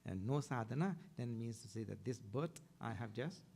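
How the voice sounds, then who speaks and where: A middle-aged man with an Indian accent delivers a spiritual discourse as a swami. He tells stories and acts out the people in them, jumping up in pitch for their lines. His talk moves between soft reflection and animated retelling. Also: moderate pace, gravelly. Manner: storytelling, acts out other people's voices with big pitch jumps. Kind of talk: sermon.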